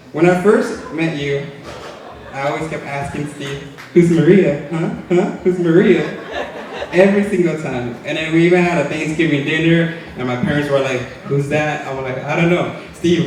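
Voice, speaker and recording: A man's voice: fairly high pitch, a little hiss or hum. Jokey young man giving a wedding toast. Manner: jokey, chatty, laughs between lines. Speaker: groom's twin brother giving a wedding toast. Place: large hotel banquet hall. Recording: very echoey banquet hall, distant mic.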